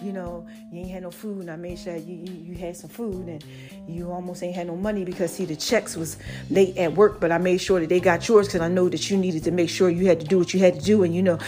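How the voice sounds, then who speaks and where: A woman's voice: fairly low pitch, fairly even intonation, quick pace, music in the background, voice pushed down, natural voice. A woman voicing God as a caring male deity who reassuringly lists how he provided for the listener. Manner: reassuring, listing past help.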